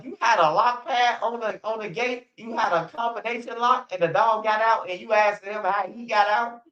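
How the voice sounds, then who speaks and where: A man's voice: high-pitched, moderate pace, sharp tone, muffled recording. A man ranting bluntly in casual street slang, repeating himself and swearing often. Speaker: streamer.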